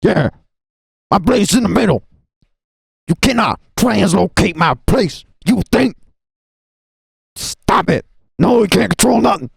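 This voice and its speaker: A gravelly, rasping voice, high for a man, belongs to a crude nihilist who rants with profane aggression and hammers the same words again and again, as a man puts him on. The husky tone carries no room sound at all, close and dry. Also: lively intonation, unhurried, long pauses, no room sound, full character voice. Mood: belligerent. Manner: aggressive, profane, repeats himself.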